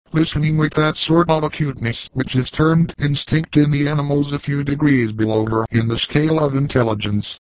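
A man narrating an audiobook in a steady, measured reading, in a dry, close sound. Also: fairly high pitch, no echo, rough recording.

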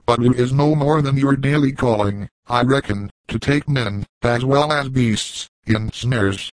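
A man's voice: mid-range voice, a little slow, no echo, natural voice, low-quality recording. A man reading the part of a hot-tempered young frontiersman in a storybook, blustering and scornful. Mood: defiant.

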